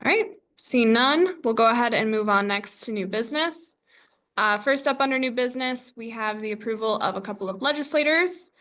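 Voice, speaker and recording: A woman chairing a student government meeting, reading the agenda and roll call in a brisk, scripted way. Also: on the high side, lively intonation, fairly bright tone.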